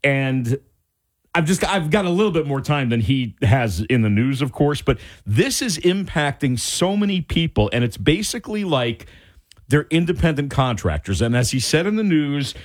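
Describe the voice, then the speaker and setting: A male radio talk show host giving his indignant opinions in an animated way. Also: a little high, normal speed. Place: radio studio.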